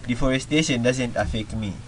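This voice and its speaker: Young man, radio panelist, quiet voice, halting reading, mid pitch. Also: slight background noise, poor audio. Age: young adult. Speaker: youth panelist. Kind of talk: reading aloud on a radio show.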